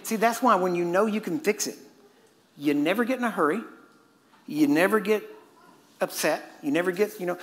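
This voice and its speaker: High-pitched and creaky, this man speaks briskly but leaves long pauses as he preaches a sermon framed as a casual story. He laughs at his own asides from time to time, recorded in an echoey church hall with faint ambience.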